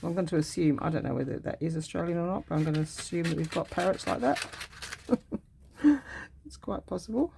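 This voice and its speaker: A woman vlogger chatting casually as she works on a craft project, thinking aloud in an unhurried way. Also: low-pitched, gravelly, background noise. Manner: musing aloud while cutting and gluing, unhurried and chatty.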